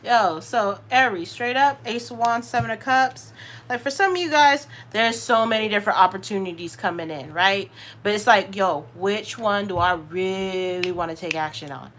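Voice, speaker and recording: A woman with a Southern US accent, hosting a live tarot reading. She talks in an animated, slangy way, straight to her viewers. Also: mid-range voice, moderate pace, a little hiss or hum. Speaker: tarot reader, channel host.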